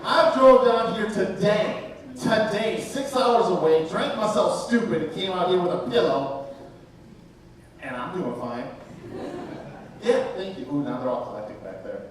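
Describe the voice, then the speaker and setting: A man's voice: sits high, expressive, unhurried. Brash, profane male stand-up comic. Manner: brash, profane, teasing the crowd. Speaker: stand-up comedian. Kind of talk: stand-up comedy set. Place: live comedy club stage. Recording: echoey, distant from the mic, noisy. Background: audience laughter.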